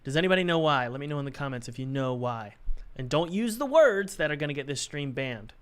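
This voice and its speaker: A man's voice: a little high, animated, fast talker, clean tone. A young man chatting casually on a live stream, joking and thinking aloud while he works on his game.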